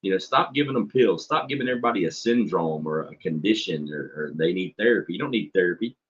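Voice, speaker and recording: Blunt man, low and husky, muffled lo-fi audio, profane storyteller. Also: expressive, fast, a bit bright. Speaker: substitute teacher. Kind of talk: casual chat on a stream. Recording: dull lo-fi stream audio.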